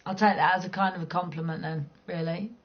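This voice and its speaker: A middle-aged woman with a London accent and a fairly low, steady voice talks fast on a muffled recording. She chats casually and bluntly with viewers during a game stream, cheeky and swearing freely.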